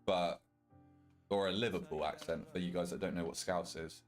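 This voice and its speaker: A man's voice: sits low, steady tone, moderate pace, soft background music. A young British man, a streamer reading and answering his chat in loose, casual talk and swearing freely. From Britain. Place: walk-in wardrobe at home.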